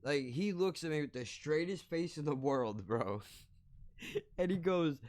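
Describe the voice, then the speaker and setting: A young man hosting a podcast, telling a story as a blunt, profane, animated rant. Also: a little high, unhurried. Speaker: podcast host.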